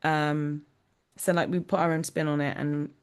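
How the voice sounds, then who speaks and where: Low-voiced chatty woman actor. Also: level tone, normal speed, clear, resonant tone. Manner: chatty, laughs often, many fillers. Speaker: musical theatre actor, guest. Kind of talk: casual interview chat.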